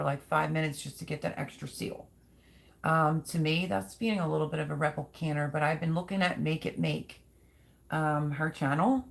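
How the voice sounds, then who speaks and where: Reading viewer comments on a casual livestream, a middle-aged woman speaks in a low, gravelly voice. She's talkative and rambling, often thinking aloud.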